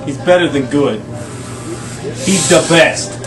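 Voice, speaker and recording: A man plays a bragging bookie who tells his story in loops, repeating every line twice. The voice sits a little high, and music plays loudly behind him. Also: slow. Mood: rambling. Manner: rambling, repetitive storyteller. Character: boastful male bookie and agent. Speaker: interviewee. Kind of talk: improvised mockumentary acting.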